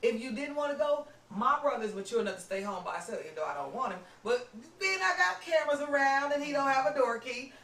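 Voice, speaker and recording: A woman podcast host telling a story in casual chat, animated and acting out what people said. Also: high voice, quick pace, hardly any pauses. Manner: animated, acts out quoted lines, lots of "you know what I'm saying". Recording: roomy room, distant mic.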